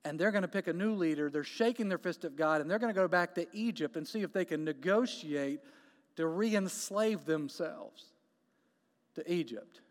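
A man's voice: fairly high pitch, moderate pace, big-room sound. A man preaching a sermon, emphatic and repetitive, building with rhetorical questions.

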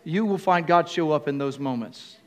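An older male pastor preaching a sermon, calling on the congregation to answer back and often stopping to restart his phrases. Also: on the high side. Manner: call-and-response with the congregation; halting, with restarts and fillers.

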